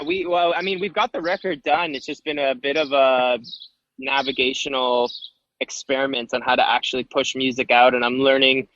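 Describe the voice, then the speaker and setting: A man's voice: mid-range voice, bright, forceful tone, highs cut off. A Canadian man, a guest musician, talking casually and rambling a little about his music while laughing often. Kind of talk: casual chat.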